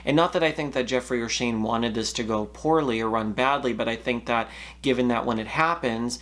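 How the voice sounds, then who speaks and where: Hosting a commentary channel, a man reads posts aloud in a loud voice and then shares his own thoughts casually, using fillers. He has a mid-range voice and talks fairly quickly.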